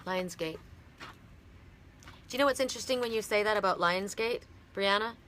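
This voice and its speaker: A middle-aged woman from Canada giving a heartfelt, halting oracle card reading on a live stream. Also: medium pitch, a bit bright, a little hiss or hum.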